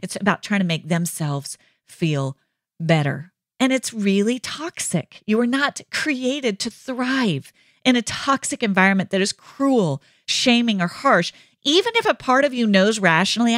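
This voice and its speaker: A woman at a mid pitch hosts her own podcast, teaching from a faith perspective. She talks earnestly and with emphasis, often pausing to ask "right?". The sound is dry and close, with no room echo. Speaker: podcast host. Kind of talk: faith-based teaching monologue.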